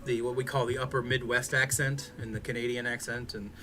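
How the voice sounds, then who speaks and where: A man's voice: medium pitch, little pitch movement, fairly quick, bright, forceful tone, slight background noise. A man chatting casually on a stream, rambling with many fillers and restarts. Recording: music playing behind.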